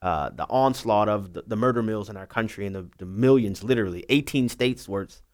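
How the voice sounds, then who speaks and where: Low-voiced earnest male legal analyst. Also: brisk. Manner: earnest, emphatic explaining. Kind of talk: talk radio discussion.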